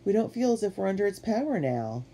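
A woman's voice: medium pitch, sing-song, fast talker, dark tone, voice pushed up. A woman voicing a gloomy young boy who sighs. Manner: sighing.

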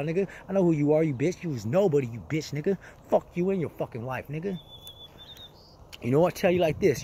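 A man in a furious, profane rant, hurling rapid insults. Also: fairly high pitch, dark tone. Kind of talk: angry rant.

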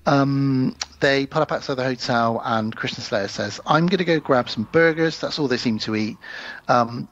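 Man, gravelly husky voice, casual podcast co-host retelling movie scenes; dull lo-fi recording. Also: mid-range voice, normal speed, dry recording. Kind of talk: casual film recap chat.

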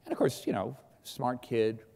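A middle-aged man giving a keynote speech, an animated storyteller who acts out shouting. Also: medium pitch, moderate pace, creaky. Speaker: keynote speaker. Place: large event hall. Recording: long hall reverb.

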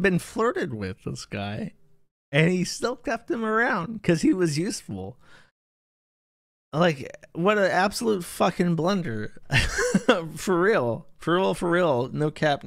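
A man's voice: mid-range voice, creaky, no echo, studio quality. A man hosting casual online commentary, irreverent and profane, with slangy asides. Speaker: internet commentary host.

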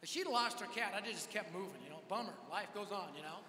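A man preaching a sermon at a large event, telling a story with energetic, self-mocking humor. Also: high voice, quick pace, a little hiss or hum. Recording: echoey hall with live reverb.

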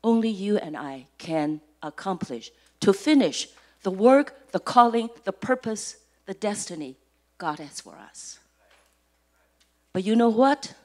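A woman preaching a sermon at a church service, deliberate and emphatic, repeating key words and letting her phrase ends sink almost to a whisper. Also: mid-range voice, lively intonation. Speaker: church speaker.

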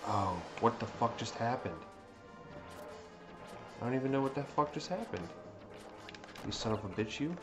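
A man giving live commentary on his own gameplay, swearing constantly and breaking into excitable outbursts. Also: medium pitch, normal speed, pauses often. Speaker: let's play streamer. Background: game music.

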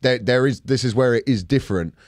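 A man's voice: medium pitch, fairly quick, no room sound, studio quality. A man telling anecdotes in a casual podcast chat, swearing freely and mimicking voices. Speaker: podcast co-host.

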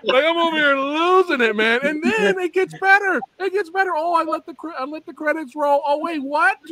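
A man hosting an interview, telling an excited story about his reactions and swearing freely as he acts them out. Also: very high-pitched, brisk. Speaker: interview host. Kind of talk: excited storytelling, casual chat.

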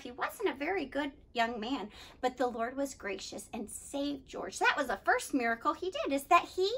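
A woman leading a children's club, talking playfully to kids at home and telling them a story. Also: high-pitched. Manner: lively and playful, addressing kids directly. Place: church setting, streamed to children at home.

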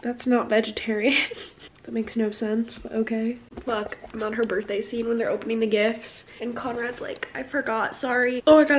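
A woman's voice: fairly high pitch, slight background noise. A young woman in her twenties chatting casually about books as a vlogger, peppering her talk with "like" and reading passages aloud. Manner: chatty, frequent "like", laughing asides, reads passages aloud. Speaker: book vlogger. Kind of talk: casual vlog chat.

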